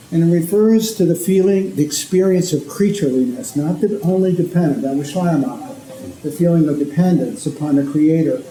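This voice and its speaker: Dark-voiced priest lecturing in an echoey hall. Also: male voice, a little high. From Connecticut, USA. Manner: conversational, checks in often with "okay?". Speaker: speaker, priest and ethicist. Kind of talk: informal lecture. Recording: echoey hall, faint background noise.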